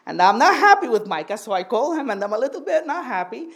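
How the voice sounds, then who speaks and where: A woman with a high, bright-pitched voice preaches a sermon to her congregation. She teaches patiently and keeps asking for an amen. She slows down and stretches out the phrases she wants to stress. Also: very animated. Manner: draws out key phrases slowly for emphasis.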